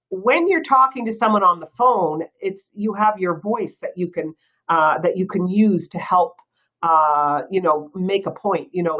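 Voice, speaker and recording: A woman with a Canadian accent giving a real estate training talk in a chatty, lively way and laughing often. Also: mid-range voice. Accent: Canadian English. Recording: dull lo-fi recording.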